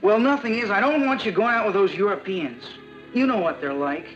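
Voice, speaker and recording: An actor playing a jealous, earnest teenage boyfriend in a 1960s sitcom, sulky in manner. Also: male voice, sits high, a little fast, a bit bright, lo-fi sound, faint music behind.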